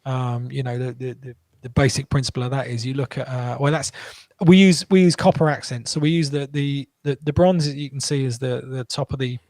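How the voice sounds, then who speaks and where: Middle-pitched and animated, a man who is an entrepreneur and interview guest tells his story, frequently stopping to restart. The room is dry and dead, making for a dry recording.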